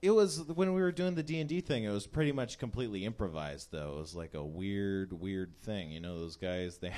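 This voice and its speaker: A man's voice: lowish voice, darkish tone. A man on a live comedy podcast tossing in dry, wry asides. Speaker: podcast regular.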